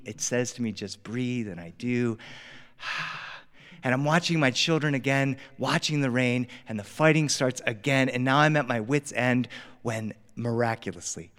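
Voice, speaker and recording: A middle-aged man telling a family story live, animated and acting out the dialogue. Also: mid-range voice, clean tone. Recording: reverberant live studio sound.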